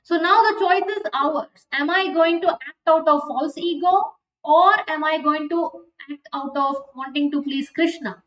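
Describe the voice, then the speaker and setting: High pitched lady teaching a scripture class, earnest, sounds far off and roomy. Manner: earnest, questioning, slows down to stress points. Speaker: spiritual teacher. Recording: echoey and distant online class audio.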